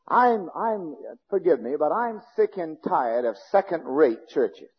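A male pastor preaching a fiery sermon, swinging between shouting and low, intense speech, in a church sanctuary. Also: expressive, a little slow, slightly rough. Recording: dull lo-fi recording with long hall reverb.

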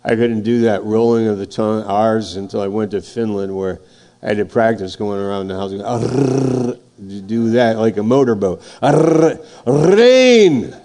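A man's voice: lowish voice, level tone, warm tone. A man preaching a sermon, reading scripture and building emphasis, his voice rising and falling. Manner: slow, emphatic preaching, voice swelling and dropping.

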